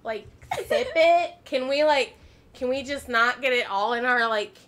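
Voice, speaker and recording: A woman voicing an exasperated young woman who pleads in whiny, drawn-out questions for a messy eater to stop. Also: a little high, fairly bright tone.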